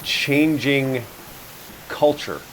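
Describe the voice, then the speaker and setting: Guy hosting a podcast, tells stories and cracks jokes at his own expense, average pitch, bit of hiss. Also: very slow, a bit bright, poor audio. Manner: chatty storyteller, jokes about himself. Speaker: podcast host. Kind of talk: casual chat.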